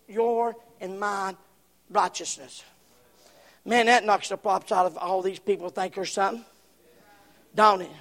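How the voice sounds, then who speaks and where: A man preaching a sermon, impassioned, swinging from shouts to hushed whispers. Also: sits high, creaky, big-room sound.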